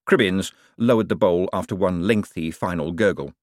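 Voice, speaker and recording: A man reading an audiobook aloud in scripted narration, lively and expressive. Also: deep voice, normal speed, few pauses, no room sound, clean studio sound.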